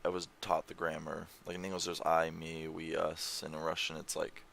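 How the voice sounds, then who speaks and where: A man's voice: rumbling low, completely flat delivery, moderate pace, gravelly, fairly bright tone, a little hiss or hum. A young man chatting casually at home while showing videos on screen, rambling and swearing offhandedly. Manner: rambling, swears casually, reads foreign lyrics aloud. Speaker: language-learning vlogger. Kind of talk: casual screen-share chat. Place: home room.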